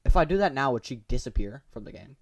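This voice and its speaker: A man's voice: mid-range voice, sing-song, quick pace. Goofy young man reading a game aloud. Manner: goofy, chatty asides with fillers. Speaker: gaming channel host. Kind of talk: reading a visual novel aloud.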